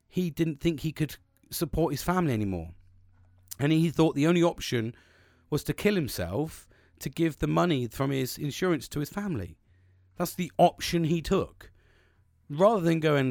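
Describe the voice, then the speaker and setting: A man's voice: fairly high pitch, expressive, moderate pace, creaky, darkish tone, dry recording, clean studio sound. A young man hosting a podcast, speaking bluntly and earnestly with constant swearing and many restarts. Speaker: podcast host. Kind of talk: casual monologue.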